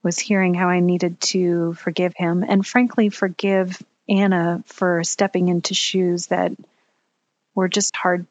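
A woman telling a personal story in a candid, earnest way, pausing at the emotional moments. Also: on the low side, little pitch movement, darkish tone, no room sound, dull audio.

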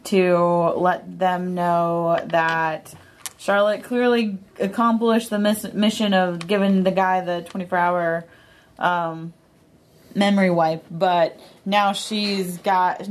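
A woman playing a tabletop game, working out her moves aloud in halting, casual speech. Her voice sits low for a woman, with faint noise behind it. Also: steady tone. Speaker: player.

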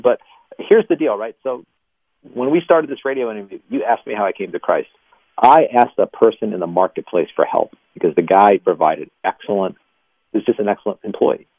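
A man, a former pastor, being interviewed on the radio and telling animated stories, laughing between lines. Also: mid-range voice, creaky, no echo. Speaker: ministry guest, former pastor. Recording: dry tinny phone line.

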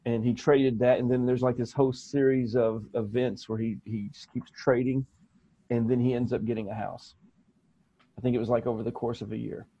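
A man's voice: mid-range voice, flat delivery, moderate pace, mellow, breathy edge, dry recording, lo-fi sound. A man chatting casually on a podcast, telling stories in a rambling, jokey way full of fillers. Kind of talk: casual chat.

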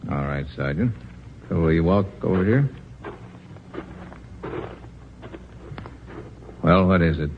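Earnest army chaplain, gentle, persuasive, lowish voice, lo-fi old radio. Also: male voice, expressive, fairly quick, a little hiss or hum. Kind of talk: 1940s radio acting. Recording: lo-fi 1940s radio broadcast.

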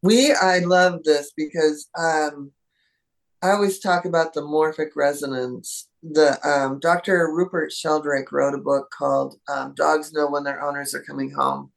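Gravelly-voiced chatty woman. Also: low-pitched. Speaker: animal communicator guest. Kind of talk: casual interview talk.

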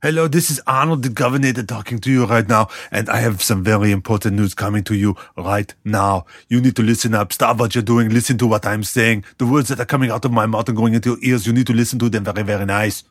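A man's voice: on the low side, steady tone, fast, hardly any pauses, no room sound, studio quality. A man doing a comic impression of a bossy movie-star governor, with a put-on Austrian accent and threatening, broken phrasing in a podcast promo.

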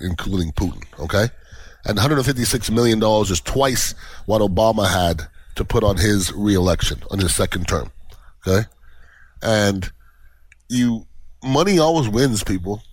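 A man's voice: mid-range voice, no echo, low-quality recording. A male podcast host delivering a blunt, opinionated monologue full of rhetorical questions.

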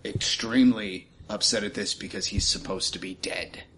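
A man's voice: lowish voice, fairly even intonation, moderate pace, a bit bright, slight background noise, poor audio. A man playing a tabletop game with friends, chatting casually and arguing for rulings. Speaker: player.

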